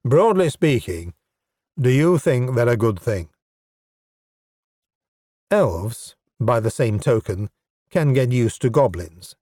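Guy doing a smug goblin boss, flat and dry, slow talker, no room sound. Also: medium pitch, dry recording. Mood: deadpan. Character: blunt, self-satisfied male goblin leader. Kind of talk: audiobook character voice.

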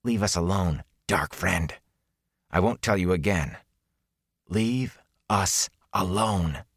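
A man's voice: low voice, a little slow, creaky, husky, no room sound, studio quality, exaggerated voice. A man voicing a grim, fearful young man on the run, growling gloomily in an audiobook reading. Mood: menacing.

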